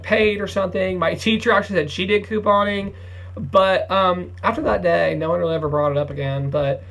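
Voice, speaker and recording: A couponing YouTuber, a young man in his late teens from Ohio, speaks in a high, fairly bright voice. He's sleepy and yawning as he rambles casually on his vlog, often using fillers and starting over.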